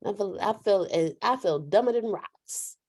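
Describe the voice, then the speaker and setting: A woman hosting a casual faith chat, animated, laughing and telling stories like a preacher. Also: mid-range voice, moderate pace, breathy edge. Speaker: host.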